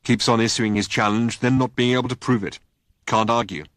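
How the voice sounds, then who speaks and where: A man's voice: mid-range voice, steady tone, a little fast, a bit bright, no room sound, clean studio sound, natural voice. A man voicing a gloomy, taciturn old male god who talks in terse, clipped phrases. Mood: grumbling.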